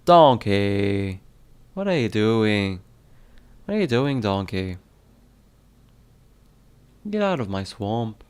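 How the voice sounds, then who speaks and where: A man's voice: on the low side, sing-song, slow pace, pauses often, clean tone. A man voicing a grumpy, territorial male ogre in a clumsy attempted Scottish brogue.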